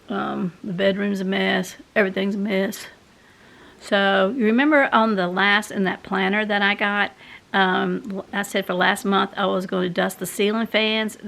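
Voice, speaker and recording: A woman's voice: medium pitch, fairly even intonation, a little slow, gravelly, fairly bright tone. A woman, rambling casually to her viewers in a home vlog. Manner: chatty, rambling, talks to viewers directly. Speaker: vlogger. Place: home, indoors.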